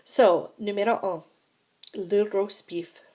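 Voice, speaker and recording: A woman's voice: medium pitch, fairly even intonation, takes it slowly, warm tone. A woman teaching a recorded French lesson, explaining grammar step by step and checking in with "right?" and "okay?".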